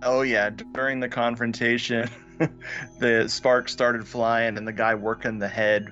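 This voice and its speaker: A man's voice: mid-range voice, level tone, unhurried, pushed and bright, highs cut off, faint music behind. A man co-hosting a casual movie review chat who shares trivia with enthusiasm and stumbles on his words. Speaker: podcast co-host reviewing a movie.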